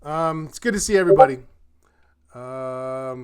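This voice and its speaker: A man leads a live online trading class in an upbeat, encouraging way, firing off rhetorical questions like a checklist. His voice sits a little high and comes through smooth and crisp. He takes his time, talking at an unhurried pace. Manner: upbeat, encouraging, quick asides to students. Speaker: trading instructor hosting a weekly market wrap.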